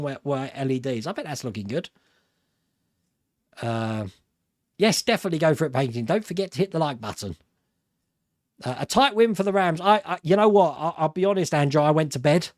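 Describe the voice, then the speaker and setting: A man's voice: a little high, darkish tone, no room sound, clean studio sound. A middle-aged British man with a British accent, hosting a live stream and chatting casually through viewer comments, rambling and laughing at himself. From Britain. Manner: chatty and rambling, laughs often, self-mocking.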